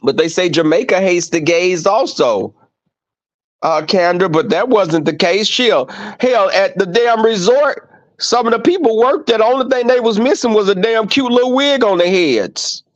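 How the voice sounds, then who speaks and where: Guy livestreaming, high voice, cussing a lot, telling stories, muffled lo-fi sound. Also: normal speed. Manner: profane, animated storytelling; acts out quoted exchanges. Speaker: livestream host. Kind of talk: casual chat with viewers. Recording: dull lo-fi stream audio.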